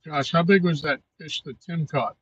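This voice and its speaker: A man chatting casually on a fishing live stream, laid-back with short answers and quiet asides. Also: on the high side, fairly even intonation, normal speed, a little hiss or hum. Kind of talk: casual chat. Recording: dull lo-fi sound.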